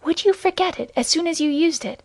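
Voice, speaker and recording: A woman's voice: very high-pitched, brisk, a little mellow, no room sound, voice pushed up. A woman voicing a frightened, secretive young woman in an audiobook, with urgent, pleading questions.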